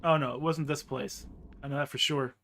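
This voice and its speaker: A man's voice: mid-range voice, steady tone, a little fast, creaky, fairly bright tone, slight background noise. A man chatting casually as he plays a video game, rambling and offhand. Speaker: game streamer. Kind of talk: casual gameplay commentary.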